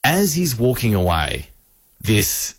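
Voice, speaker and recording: A radio host telling a funny story, acting out the people in it with lively voices. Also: male voice, fairly low pitch, takes it slowly, slightly rough, dry recording. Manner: animated, acts out the people in his story.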